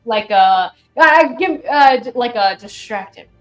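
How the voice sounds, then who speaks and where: A woman narrating as game master in a relaxed way, with many fillers. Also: on the high side, slow pace, soft background music.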